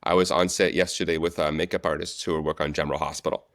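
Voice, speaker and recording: A man telling set stories as a guest, relaxed and chatty in a casual interview. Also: rumbling low, quick pace, no echo, clean studio sound. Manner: animated storyteller, relaxed and chatty. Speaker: guest, actor and stunt coordinator.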